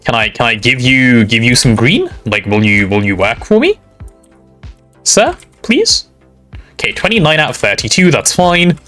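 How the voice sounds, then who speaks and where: Playful streamer with lively pitch. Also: male voice, a little fast, hardly any pauses, soft background music. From Britain. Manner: playful, teasing, mutters while playing. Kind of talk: casual gaming stream chat.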